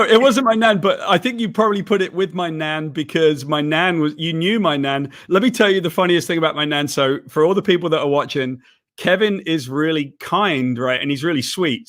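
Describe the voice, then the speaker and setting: Middle-aged guy from wales, chatty, animated storyteller, slightly higher voice. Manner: chatty, animated, laughs while telling. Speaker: comics writer, co-host. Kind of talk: casual video chat, reminiscing.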